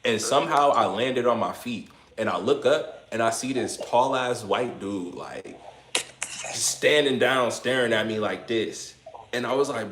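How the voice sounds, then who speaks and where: Male streamer host, animated slangy storyteller, echoey room with a faint hiss behind. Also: medium pitch, unhurried. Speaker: livestream host. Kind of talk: casual storytelling chat. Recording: roomy room with faint noise.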